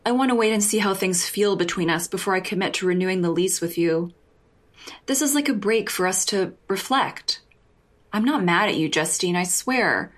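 A woman voicing a blunt young woman who speaks in calm, measured therapy-speak to her roommate. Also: mid-range voice, natural voice.

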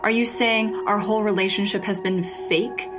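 A woman voicing a drunk, clingy young woman whose voice goes high and breaks as she pleads. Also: fairly even intonation, moderate pace, music in the background, natural voice. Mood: accusing.

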